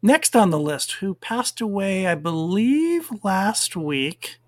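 A man's voice: high-pitched, big pitch swings, slow, no room sound, clean studio sound. A middle-aged man co-hosting a podcast, chatting casually and rambling with fillers. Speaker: podcast co-host. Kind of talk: casual chat.

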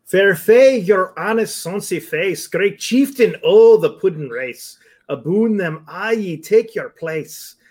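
A man putting on an exaggerated, deliberately bad Scottish accent to recite verse slowly. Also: high voice, animated, a little mellow, slightly rough, voice pushed up, heavily acted. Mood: hammy.

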